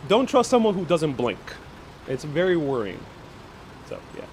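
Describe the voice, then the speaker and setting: A man's voice: a little high, big pitch swings, normal speed, darkish tone, slight background noise. A man hosting a live-streamed walking vlog, chatting casually with lots of fillers, restarts and frequent laughs, speaking into a handheld phone outdoors. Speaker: travel vlogger host. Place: outdoors on city streets. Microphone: phone held in hand while live streaming.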